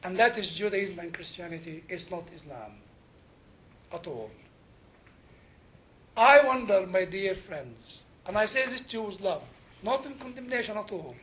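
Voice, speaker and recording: An older man preaching a sermon, telling stories and jokes with animated emphasis and frequent laughter. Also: sits high, highs cut off, slight background noise.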